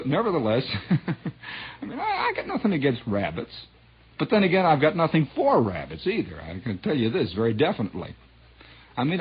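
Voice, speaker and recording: Brief: sardonic male radio DJ, very husky voice, lively pitch, muffled old broadcast sound. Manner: wry, sardonic storytelling. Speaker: radio disc jockey. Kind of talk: rambling on-air monologue.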